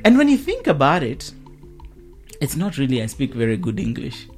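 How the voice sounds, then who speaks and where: A man's voice: mid-range voice, huge pitch swings, soft background music. Reflective African man hosting a talk. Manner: measured, reflective, uses quoted voices. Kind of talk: conversational discussion.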